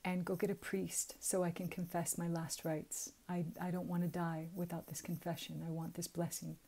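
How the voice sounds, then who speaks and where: A woman with a Southern US accent voicing a gravely ill old uncle who speaks quietly and pleadingly. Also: on the low side, flat delivery, moderate pace.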